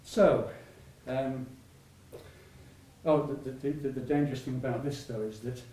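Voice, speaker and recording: An older man, a patient, gives a storytelling public talk in a medium-pitched, dark-toned voice at a slightly slow pace. He rambles with many restarts and frequent laughter, and the echoey hall is captured by a distant mic.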